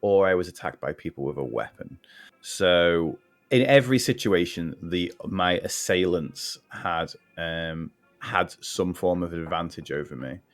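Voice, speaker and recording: Scouse man, 40s, very low voice, halting podcast guest, faint music underneath. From Liverpool, England. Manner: halting, restarts often, laughs easily. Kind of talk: casual personal conversation.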